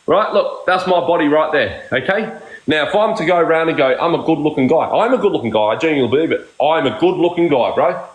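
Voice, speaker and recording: A man on a live stream, talking in a slightly high voice and swearing nonstop as he argues. He sounds combative and keeps ranting, and the room around him is echoey. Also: animated, fast talker. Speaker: livestream streamer. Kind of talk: heated live-stream argument.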